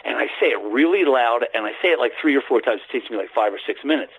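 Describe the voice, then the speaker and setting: An American man calls in to a radio show and rambles through a long story with many restarts. His husky, mid-pitched voice comes through a narrow, tinny phone line. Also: animated, quick pace. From United States. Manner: rambling, earnest, repeats words and restarts, addresses the host by name. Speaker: guest.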